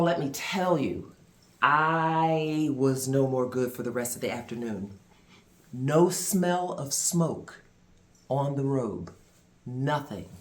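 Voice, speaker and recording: A man who is both a vlogger and a minister tells a personal story to the camera, using dramatic pauses and expressive delivery. His voice is on the high side.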